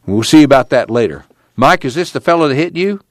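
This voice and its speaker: A man acts out a gruff lawman leading a band of armed deputies, barking short orders in a raised, pushed voice. He sounds bossy and impatient, read close and dry. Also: medium pitch, lively intonation, a little fast, dry recording, voice pushed up, natural voice. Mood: brusque. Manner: barking, commanding.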